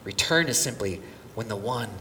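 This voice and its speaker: A middle-aged man preaching a sermon, telling a story with swings from near-whispers to shouts. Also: medium pitch, lively intonation, moderate pace. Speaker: pastor. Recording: distant mic with hall reverb and faint room noise.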